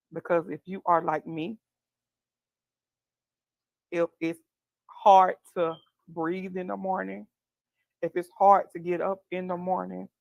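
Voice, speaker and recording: A woman guest sharing an emotional personal testimony, tearful and earnest, speaking slowly. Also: lowish voice, creaky, dry recording, muffled recording. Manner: tearful, heartfelt, slow and earnest.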